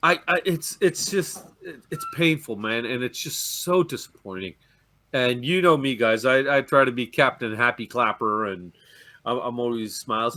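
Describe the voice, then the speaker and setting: Bright-voiced dejected Canadian man ranting. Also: medium pitch, normal speed. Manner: ranting, swearing, stammering restarts. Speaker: fan guest on a fan show. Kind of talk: heated fan-show chat.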